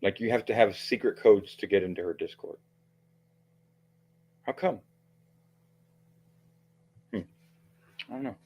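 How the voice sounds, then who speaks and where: A man's voice: on the low side, measured pace, long pauses, a little mellow, husky. A man giving heated, profane livestream commentary, rambling with frequent restarts and fillers.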